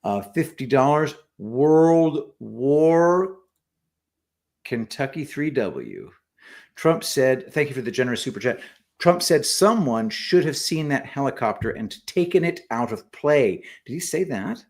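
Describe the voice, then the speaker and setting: A man co-hosting a casual livestream, reading viewer messages aloud and adding quick remarks. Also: mid-range voice, very animated. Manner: reads super chats aloud with quick asides. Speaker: co-host reading donor messages.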